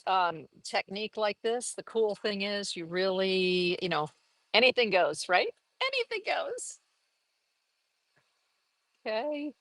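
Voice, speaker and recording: A woman giving a casual live painting lesson, chatty and upbeat, laughing often and jumping into high exclamations. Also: no room sound, low-quality recording. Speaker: art teacher.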